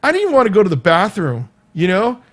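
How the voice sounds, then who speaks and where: This California vlogger has a high voice and a quick pace as he tells a casual story. Laughter comes often, and he animatedly acts out what people said.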